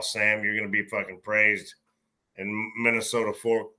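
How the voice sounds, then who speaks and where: A man's voice: lowish voice, flat delivery, normal speed, sharp tone. A man co-hosting a podcast, blunt and heavy with swearing in a casual chat over beers. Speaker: podcast co-host.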